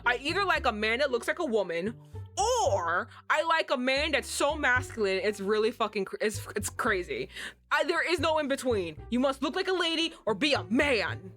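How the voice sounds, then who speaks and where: A young woman streaming a story game, reading the text aloud and reacting in an excitable, self-mocking way with frequent laughs. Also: fairly high pitch, normal speed, faint music behind.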